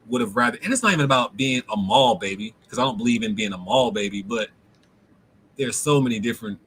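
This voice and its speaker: A man's voice: mid-range voice, lively intonation, fast, vocal fry, fairly bright tone, a little hiss or hum, low-quality recording. A man hosting a casual livestream, talking loosely in slang and reading out viewer comments. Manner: laid-back, slangy, reads out viewer comments. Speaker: livestream host.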